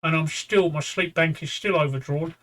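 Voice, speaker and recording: A man in his fifties or sixties chats on a livestream in a tired, rambling way. He stops and restarts often and lets the odd swear word slip, and his voice sits a little high for a man. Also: fairly even intonation, normal speed, fairly bright tone. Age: 50s-60s. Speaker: livestream co-host. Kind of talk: casual chat.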